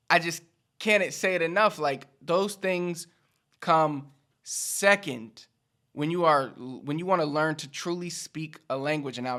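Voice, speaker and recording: A man's voice: on the high side, pushed and bright. A man hosting a casual language lesson, chatty and repeating his points. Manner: chatty, repetitive, acts out quick casual speech. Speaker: language teacher, channel host. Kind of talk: casual video lesson to camera.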